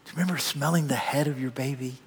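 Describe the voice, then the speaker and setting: An older man preaching a sermon, telling stories with big swings between loud bursts and hushed asides. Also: mid-range voice, quick pace, slight background noise. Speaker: pastor. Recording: long hall reverb.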